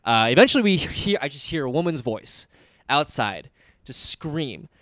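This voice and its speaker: A man co-hosting a podcast, telling a long story in a rambling, animated way, full of fillers and acted-out quotes. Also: a little high, normal speed, dry recording, studio quality. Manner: rambling, animated, acts out others' voices, many fillers. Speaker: podcast co-host. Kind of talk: casual storytelling chat.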